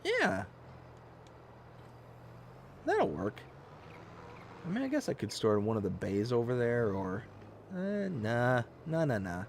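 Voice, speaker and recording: A man in his thirties telling stories on a casual live game stream, animated and self-mocking. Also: medium pitch, a little slow, creaky, a little hiss or hum.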